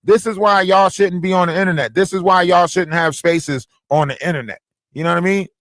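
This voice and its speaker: A man co-hosting a livestream, talking in a casual, animated and profane way and repeating phrases for emphasis. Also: high voice, fairly quick, dry recording. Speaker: livestream co-host.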